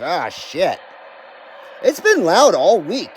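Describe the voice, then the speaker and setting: An American man with a fairly high voice hosts a casual CB radio livestream from his radio room at home. He chats loosely, reads viewer comments aloud and swears now and then. A faint hiss of static sits under his voice. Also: very animated, slow pace.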